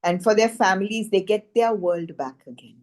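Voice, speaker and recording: A woman telling a personal healing testimonial in an earnest, animated way, with many "you know" fillers. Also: mid-range voice, moderate pace. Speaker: frequency healing practitioner.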